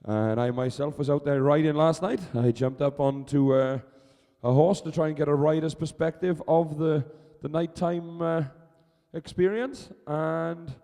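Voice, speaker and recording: Male arena announcer, mellow voice with long PA reverb, brisk and chatty live race calls. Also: on the high side, fairly even intonation. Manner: brisk, chatty, urging and teasing. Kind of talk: live sports commentary over a public address.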